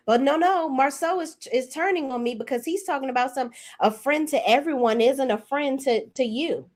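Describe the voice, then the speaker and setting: Host, woman, 40s: blunt, mocking recap commentary with a high-ish, swinging voice. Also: moderate pace, few pauses. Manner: blunt, profane, sassy; mocking and animated, swings between high and low. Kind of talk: reality TV recap rant.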